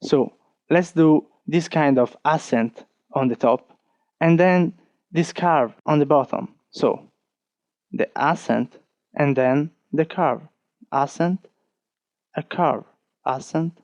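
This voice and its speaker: A man with an Italian accent teaches an online lesson at an unhurried pace, his voice sitting a bit higher than most men's. He repeats each step and counts strokes patiently. The sound is dull and muffled, and dry. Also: a little mellow, no room sound. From Italy. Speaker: language teacher.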